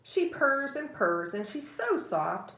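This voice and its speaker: A woman's voice: high voice, very animated, slow pace, a bit bright, voice pushed up, full character voice. A woman voicing Alice, an earnest and polite young girl in a storybook reading. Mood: fond. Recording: roomy echo.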